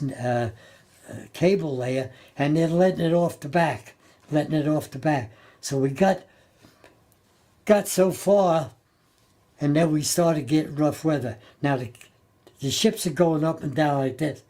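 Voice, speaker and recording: Older man telling a halting war story. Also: a little high, dark tone. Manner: halting, repeats and restarts words; plain-spoken, colloquial grammar. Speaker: Navy veteran interviewee. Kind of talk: oral history storytelling.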